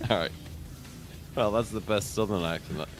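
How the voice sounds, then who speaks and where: A man's voice: on the low side, normal speed, a little hiss or hum. A British man chatting casually and dryly with a friend during a coop game stream. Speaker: co-op game guest. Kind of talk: casual chat while gaming.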